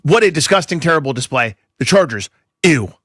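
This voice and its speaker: A man co-hosting a sports radio show, giving animated, exasperated and sarcastic takes. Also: on the high side, brisk, slightly rough, no room sound, studio quality. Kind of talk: opinionated sports banter.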